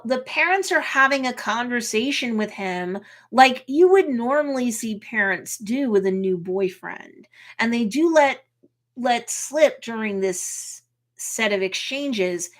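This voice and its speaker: A woman attorney casually recapping and commenting on a TV episode, chatty and lively, acting out characters' lines. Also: on the high side, unhurried. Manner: lively storyteller who acts out characters' lines; chatty, with frequent um and you know. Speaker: attorney reacting to a TV series.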